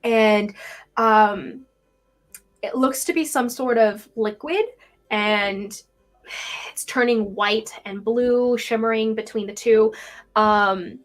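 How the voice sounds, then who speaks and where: A woman game master talks players through a scene in loose, descriptive narration. Her voice sits a little high. Faint music plays in the background. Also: slow, long pauses. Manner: describes scenes with fillers and restarts.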